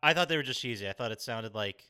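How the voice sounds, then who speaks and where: A man's voice: medium pitch, animated, fast talker, sharp tone, clear, resonant tone, no room sound, clean studio sound. A man hosting a casual gaming podcast, steering the talk and swearing freely. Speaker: podcast host.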